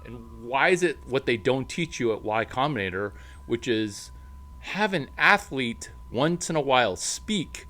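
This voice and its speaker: Slow-talking playful man rambling. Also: medium pitch, lively intonation, pushed and bright, rough recording. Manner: playful, jumps between topics, coos at his dog. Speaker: entrepreneur vlogger. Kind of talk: rambling casual monologue.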